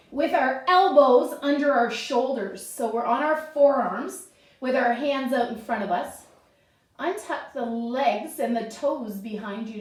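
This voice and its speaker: A woman teaching children's yoga through a story, guiding in an encouraging, sing-song way. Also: a little high. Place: yoga studio. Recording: echoey room, voice from far off.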